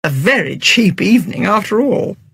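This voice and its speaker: A narrator voicing a mild, measured gentleman with dry humour. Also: high-pitched, sing-song, gravelly, husky, no echo, voice pushed up, full character voice. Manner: mild, measured, stiffly polite.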